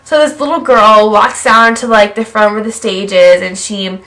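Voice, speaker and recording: A woman's voice: mid-range voice, fairly even intonation, moderate pace, a bit bright. A young woman vlogger gushing about a film festival, talking casually with constant "like" fillers. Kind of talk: excited fan recap vlog.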